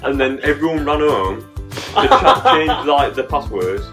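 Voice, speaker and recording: A young man, telling deadpan anecdotes on a casual podcast. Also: fairly high pitch, measured pace, music in the background. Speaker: podcast co-host. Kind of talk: casual chat.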